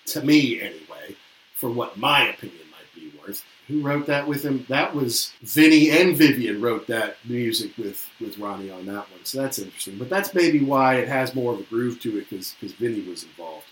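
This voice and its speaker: A man's voice: medium pitch, animated, moderate pace, fairly bright tone. A man co-hosting a casual album review chat, musing and hesitant, often reading lyrics aloud. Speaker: podcast co-host reviewing an album. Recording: roomy echo.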